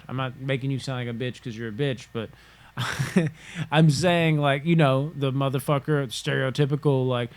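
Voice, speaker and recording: A man's voice: mid-range voice, fairly even intonation, a little fast, vocal fry. Male solo podcast host, mid-range voice, loose and profane, talking off the cuff. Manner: rambling, profane, spitballing. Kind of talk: casual solo podcast monologue. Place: home room.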